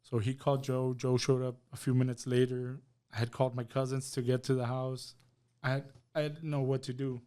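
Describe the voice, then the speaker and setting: A man tells a raw personal story as a podcast guest and voices each person's words as he goes. His voice is mellow and dark, at a middle pitch. He speaks with heavy emotion throughout. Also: level tone, fairly quick, clean tone. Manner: emotional storytelling, acts out dialogue. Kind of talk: personal testimony.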